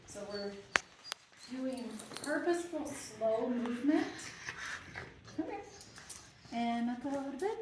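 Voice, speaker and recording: A woman dog trainer who alternates between hushed, low commands to a dog and plain explanations to viewers. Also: expressive, takes it slowly, pauses often. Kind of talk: live training demonstration with commentary. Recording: very echoey room, mic far off, background noise.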